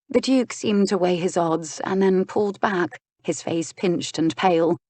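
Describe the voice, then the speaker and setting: A woman narrating an audiobook with even, steady storytelling. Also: lowish voice, a little slow, no echo. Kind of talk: scripted narration.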